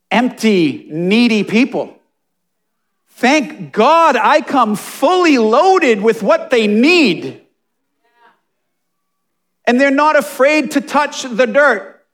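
A man preaching a sermon with passion, dropping to hushed asides and rising to emphatic, near-shouted points. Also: extremely high pitch. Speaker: pastor.

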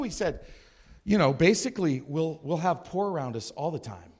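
A man preaching a sermon as a church pastor, animated, acting out voices and shouting at times. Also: high voice, moderate pace.

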